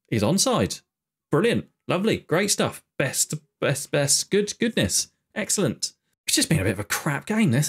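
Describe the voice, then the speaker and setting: Exasperated man commentating a game. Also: mid-range voice. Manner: exasperated, sarcastic running commentary on his team. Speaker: gaming video host. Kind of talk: casual gameplay commentary.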